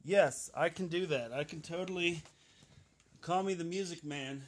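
A man's voice: fairly high pitch, normal speed, a little hiss or hum. A man co-hosting a podcast, teasing and sarcastic, often talking over the others. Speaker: podcast co-host. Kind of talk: casual profane banter.

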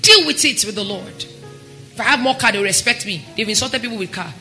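A woman pastor preaching a sermon, impassioned and climbing to near-shouts. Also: mid-range voice, expressive, brisk, faint music behind.

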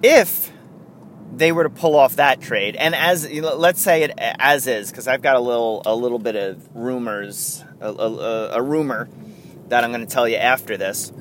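A man's voice: mid-range voice, moderate pace, fairly bright tone, a little hiss or hum. A man hosting a casual sports podcast, rambling and correcting himself as he chats. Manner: rambling, self-correcting, chatty. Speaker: podcast host.

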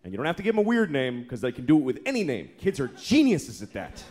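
A man's voice: mid-range voice, huge pitch swings, quick pace. Profane man in his thirties doing stand-up. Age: 30s. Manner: profane, exasperated, jumps into mock voices. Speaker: stand-up comedian. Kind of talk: stand-up routine. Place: comedy club stage. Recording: live club recording with loud crowd and room noise. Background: audience laughter.

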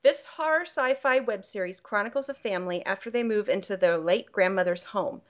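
A woman's voice: mid-range voice, brisk. A woman hosting a casual quiz game on a podcast, reading clues aloud and laughing often. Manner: upbeat, laughs often, reads log lines aloud. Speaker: quiz host. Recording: dull lo-fi audio.

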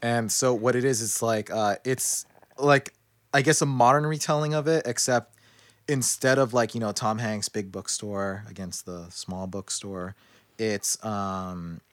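A young man co-hosting a casual podcast, telling an absurd story with deadpan, mock-dramatic pauses. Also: on the low side, no echo. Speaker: podcast co-host.

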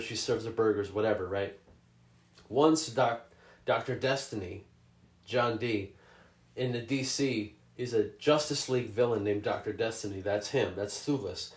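A man's voice: medium pitch, distant mic. A man co-hosting a podcast, telling stories in a casual, profane way and acting out the scenes. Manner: profane, animated storyteller who acts out scenes. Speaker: podcast co-host. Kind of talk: casual chat. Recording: roomy echo.

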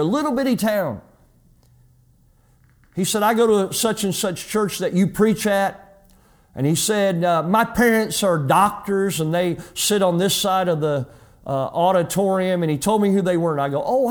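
A middle-aged pastor preaching a sermon and telling a personal story, acting out the dialogue in changing voices. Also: male voice, sits high, expressive, moderate pace, a little mellow.

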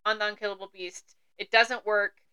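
A woman's voice: medium pitch, level tone, moderate pace, bright, forceful tone, smooth. A woman co-hosting a podcast, eagerly agreeing and adding details in a casual book chat. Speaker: podcast co-host.

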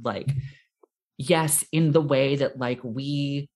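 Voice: medium pitch, measured pace. Rambling, chatty podcast co-host. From America. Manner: rambling, full of "like", animated quoting. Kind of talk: casual chat about a film.

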